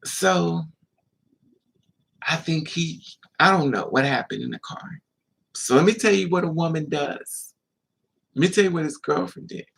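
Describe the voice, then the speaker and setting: Man, gravelly, husky, slightly high voice, chatty story-time vlog, rambling asides. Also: measured pace, long pauses, fairly bright tone. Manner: chatty, digressive, laughing asides. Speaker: vlogger. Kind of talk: casual storytelling. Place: indoors, at home.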